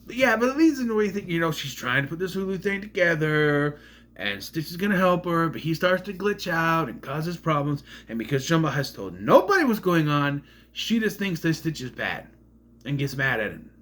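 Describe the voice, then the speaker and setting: A man's voice: on the high side, big pitch swings, normal speed, fairly bright tone. A man giving a casual, rambling film review, sarcastic and often tripping over names. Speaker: movie reviewer.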